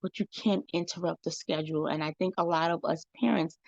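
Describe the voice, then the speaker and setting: A woman's voice: low-pitched, steady tone, brisk, gravelly, a little mellow, no room sound, dull audio. A woman hosting a podcast, telling a parenting story in a casual, chatty way, often checking in with "right?" and "you know". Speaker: podcast host.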